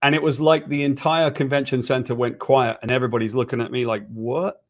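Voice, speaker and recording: A man's voice: mid-range voice, brisk. A British man co-hosting a casual chat, telling a self-deprecating anecdote and acting out the lines of the people in it. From Britain. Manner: animated, self-deprecating storyteller who acts out quoted lines. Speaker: co-host.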